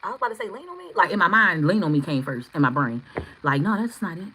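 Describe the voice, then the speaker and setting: A woman doing a live tarot reading, chatting with viewers, excitable and swearing freely. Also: lowish voice, fast, a little hiss or hum, low-quality recording. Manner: excitable, swearing, bursts into shouts. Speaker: tarot reader.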